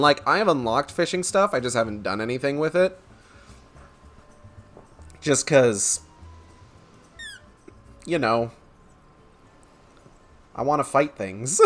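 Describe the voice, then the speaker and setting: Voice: medium pitch, a bit bright. A streamer chatting casually while playing a game, reading text aloud and swearing now and then.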